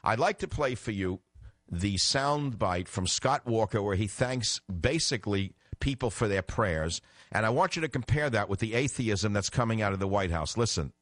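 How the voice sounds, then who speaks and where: A low-voiced older man hosts a political call-in radio show. He talks forcefully and with indignation, pressing each point. His voice is dry and close, with no room sound. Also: lively intonation, normal speed, no echo. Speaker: radio talk show host. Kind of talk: political talk radio commentary.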